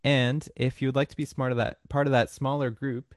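A man leading an online church service, giving calm, slow instructions to people on a video call. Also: medium pitch, no room sound, clean studio sound. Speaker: worship leader.

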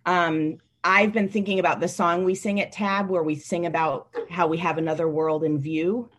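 A woman leading a children's message in worship, reading aloud slowly and teaching with a light laugh. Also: lowish voice, fairly even intonation, fairly bright tone.

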